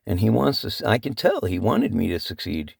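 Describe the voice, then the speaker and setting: A man vlogging through tears, swearing and rambling, his voice cracking and breaking high as he speaks from the heart. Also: huge pitch swings, fairly quick, creaky, a little mellow, breathy edge, no echo, clean studio sound. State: crying. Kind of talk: emotional casual vlog talk.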